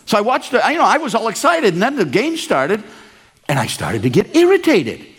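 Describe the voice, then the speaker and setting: An older man from Maine preaching a storytelling sermon, animated and acting out the dialogue. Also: fairly quick, husky. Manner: animated, acts out dialogue with big pitch swings.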